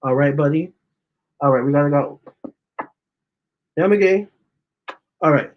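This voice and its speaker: A man hosting a casual storytime, reading out viewer comments, chatty and animated, often stopping to talk to his cats. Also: a little high, a little fast, highs cut off, a little hiss or hum. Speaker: tarot reader and channel host.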